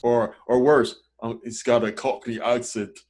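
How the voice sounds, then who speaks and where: A man's voice: medium pitch, little pitch movement, a little slow, darkish tone. A man who works as an online film critic, chatting casually about films with many false starts and repeated words. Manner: rambling with many restarts. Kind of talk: casual podcast film discussion.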